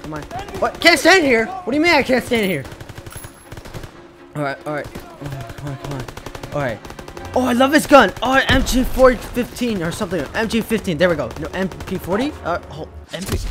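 Excitable high-voiced man yelling over gameplay. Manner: excitable, yells and repeats words in bursts. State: hoarse from yelling. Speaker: gaming video creator. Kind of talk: let's play commentary. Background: game music and gunfire.

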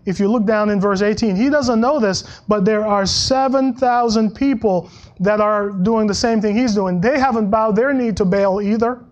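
A male pastor preaching a sermon in a conversational way, with frequent restarts and soft laughs, and dropping his voice when he quotes scripture. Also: moderate pace, dull audio. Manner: acts out Bible quotes in a lower voice.

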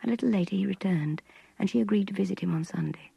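An older woman narrating a literary novel in a hushed, intimate, measured voice. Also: mid-range voice, gravelly, highs cut off, faint music behind. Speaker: reader.

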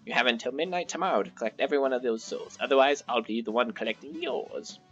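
A man voicing a menacing, booming male devil who runs a casino, in a slightly muffled recording. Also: big pitch swings, quick pace, fairly bright tone, faint music behind. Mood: gloating.

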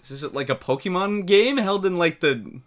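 A young man doing a live reaction, excitable and breaking into shouts. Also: sits high, normal speed. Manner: excitable, shouts and laughs in bursts. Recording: faint music in the background.

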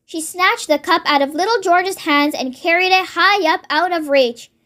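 A child reading a storybook aloud in steady narration. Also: very high-pitched, normal speed. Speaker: storybook reader.

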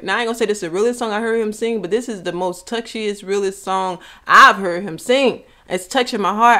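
A woman's voice: medium pitch, fairly quick, hardly any pauses, pushed and bright. A woman hosting a reaction video, talking emotionally and exclaiming back at the song. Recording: music playing behind.

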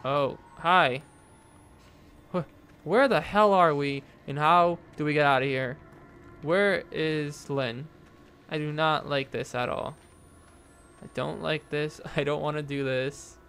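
A young man talks his way through a horror game in a gravelly, slightly raised voice, with a faint hiss under the desk mic. He chatters nervously to viewers, full of ums and uhs, and often breaks into frightened cries. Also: a little high, fairly even intonation, slow pace, long pauses, a bit bright. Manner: jumpy, nervous chatter with frequent fillers and frightened exclamations. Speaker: gaming YouTuber. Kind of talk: horror game let's play commentary. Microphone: desk mic with face cam.

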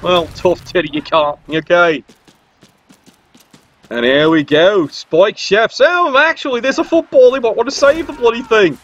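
A man's voice: sits high, measured pace, a bit bright, no room sound, highs cut off. A man giving casual, sarcastic play-by-play commentary on a video game match. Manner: cheeky, sarcastic banter.

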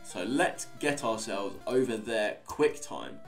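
A man's voice: on the low side, lively intonation, takes it slowly, vocal fry. A young man giving casual, rambling commentary on a game he is playing, swearing now and then. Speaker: Let's Play host. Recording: faint guitar music behind.

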